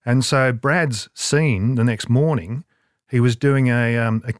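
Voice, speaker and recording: A man's voice: mid-range voice, measured pace, no room sound, clean studio sound. Rambling older man telling stories. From Australia. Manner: rambling, self-deprecating storyteller with frequent restarts. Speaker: guest, advertising creative. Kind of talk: casual anecdote telling.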